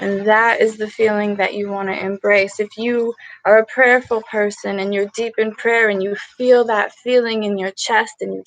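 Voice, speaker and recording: A woman guides a gratitude meditation in an earnest, heartfelt way, often circling back to the same affirmations. Her voice sits a little high with a gravelly, fry-touched edge. The sound is dry and close, with no room around it. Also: no room sound. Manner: earnest, emotional, repeats affirmations. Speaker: meditation livestream host.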